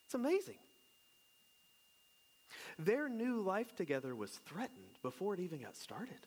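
A man in his thirties or forties preaching a relaxed sermon in an easy, chatty way. He jokes and asks his listeners questions as he walks through a Bible passage. His voice sits a little higher than most men's. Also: a little slow. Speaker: pastor. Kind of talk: casual conversational sermon.

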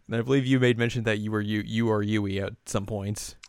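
A man with a low, smooth and resonant voice recaps a show in a loose, rambling way, correcting himself often. The sound is dry and close to the mic. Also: steady tone, a little fast, no room sound. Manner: rambling, chuckling, self-correcting. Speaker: podcast host. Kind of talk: casual anime recap chat.

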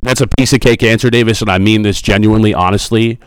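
A friendly school principal talks easily with students, upbeat and a little jokey. His voice sits low. The mic is close and the sound is dry, with no room echo. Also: steady tone, quick pace, clean tone. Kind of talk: casual interview answers.

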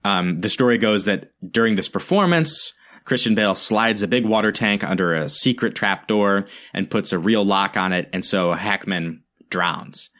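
A man recapping a film to a co-host in casual podcast chat, animated, cursing often and laughing. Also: fairly low pitch, moderate pace.

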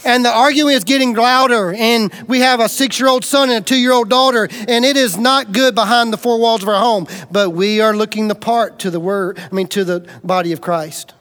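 A high-pitched middle-aged man from Alabama gives a sermon testimony. He tells his own story in an emphatic, confessional way, like a storyteller. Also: steady tone, normal speed, hardly any pauses, a bit bright. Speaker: preacher giving testimony.

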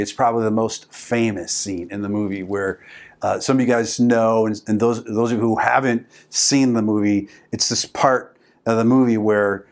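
A male pastor preaching a sermon, telling stories with energy, calling out to the congregation and repeating words for emphasis. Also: medium pitch.

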